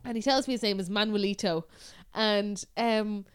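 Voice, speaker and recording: Irish woman, casual podcast co-host, smooth clear voice, chatty and sweary storyteller. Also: mid-range voice, normal speed. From Ireland. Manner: chatty storyteller, swears freely, laughs often. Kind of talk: casual chat.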